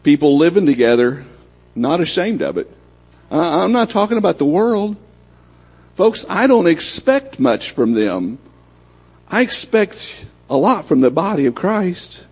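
A man delivering a sermon in a folksy, conversational manner, slipping into bits of acted-out dialogue. His voice is somewhat husky and sits a little higher than most men's. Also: very animated, measured pace, darkish tone. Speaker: pastor.

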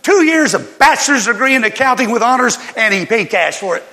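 An older man, a pastor, telling a personal story in a sermon and reading scripture, with animated laughter between lines. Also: extremely high pitch, a little fast, in a large hall.

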